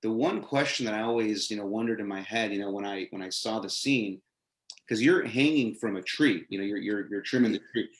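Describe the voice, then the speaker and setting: A man with a low voice hosts the chat and asks his questions in a roundabout way, full of "you know". His voice rings in a roomy, echoey space. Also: a little fast. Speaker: host. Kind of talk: casual interview. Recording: echoey room.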